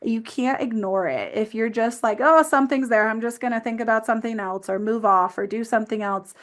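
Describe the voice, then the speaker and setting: A woman's voice: on the high side, fairly even intonation, fairly quick. A woman physical therapist talking earnestly as a podcast guest, with frequent "um" and "like" fillers. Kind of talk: explanatory interview talk.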